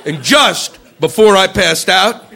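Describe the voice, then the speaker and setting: A male stand-up comedian ranting in an exasperated, profane routine, bursting into shouted impressions. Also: high voice, expressive, slow, vocal fry.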